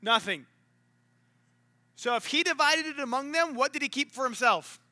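A man preaching a sermon in a relaxed, conversational way, full of asides and filler words. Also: extremely high pitch, normal speed, no room sound. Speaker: pastor. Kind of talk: casual sermon storytelling.

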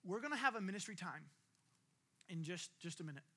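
Bright high-voiced male preacher. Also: expressive, fairly quick. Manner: conversational preaching, acts out quoted listeners. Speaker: pastor. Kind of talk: sermon.

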